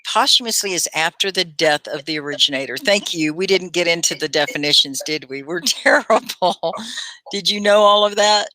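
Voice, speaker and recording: A Texan woman hosts a relaxed online English lesson, sounding words out and laughing often. Her voice sits a little low but rings bright and lively. The sound is dry and close, with no room around it. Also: normal speed, dry recording. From Texas. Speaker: ESL teacher and host. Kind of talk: casual live-stream English lesson.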